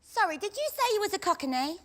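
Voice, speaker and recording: A woman's voice: extremely high pitch, very animated, fast, fairly bright tone, a little hiss or hum, exaggerated voice. An actress playing a young performer in panto rehearsal who reads her stage directions aloud. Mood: plain. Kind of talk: TV comedy drama acting.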